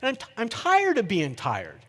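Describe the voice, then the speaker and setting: A middle-aged man giving a keynote talk, telling a story in a lively way and putting questions to the audience. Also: high-pitched, normal speed. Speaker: keynote speaker. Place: conference hall. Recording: reverberant conference hall.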